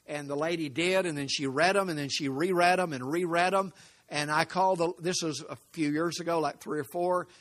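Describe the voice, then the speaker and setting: Older man, preacher, sermon, storytelling tone, rhetorical questions, slightly high pitch. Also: steady tone, a little fast. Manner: swings between emphatic and hushed.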